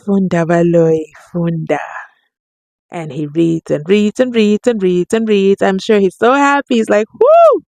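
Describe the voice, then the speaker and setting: A woman giving excited reaction commentary on a court case, exclaiming and acting out what people said. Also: mid-range voice, moderate pace, creaky, few pauses, no echo. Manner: excitable, exclaiming, playacting quotes. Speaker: commentary vlogger.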